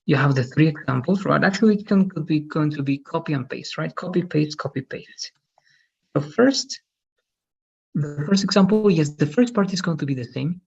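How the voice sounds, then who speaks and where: A man's voice: fairly high pitch, brisk, vocal fry, few pauses, a little mellow, husky, dull audio. A male English teacher explaining grammar step by step in an online class.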